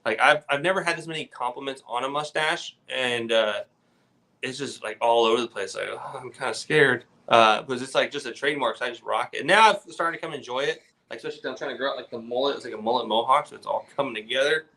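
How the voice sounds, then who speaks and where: A man's voice: medium pitch, fast talker, bright, forceful tone. A young man, a guest on a casual podcast, telling rambling stories full of "like". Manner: rambling storyteller, says "like" a lot. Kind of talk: casual chat.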